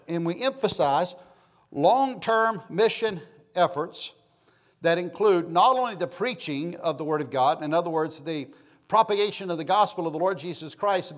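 A man's voice: high voice, moderate pace, fairly bright tone. A middle-aged man preaching a sermon, emphatic and repetitive, calling out to the congregation. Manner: emphatic preacher, repeats phrases, calls for amen. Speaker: pastor.

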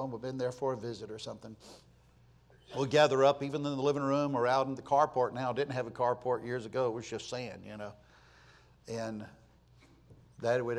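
A man in his fifties or sixties preaches through a family story in a middle-pitched voice. He is folksy and emphatic and repeats words for weight. His voice swings from loud to a near hush. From Florida, USA. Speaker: pastor. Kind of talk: storytelling sermon.

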